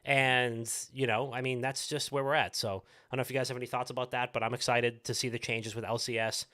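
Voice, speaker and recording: A man's voice: medium pitch, flat delivery, a little fast, sharp tone. A man hosting a gaming podcast, talking casually about esports with lots of filler words and the odd swear. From United States. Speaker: podcast host. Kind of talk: casual chat.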